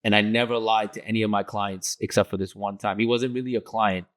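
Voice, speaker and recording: A young man, a music studio engineer, telling anecdotes in a casual podcast chat, animated and quick to laugh. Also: lowish voice. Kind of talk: casual storytelling.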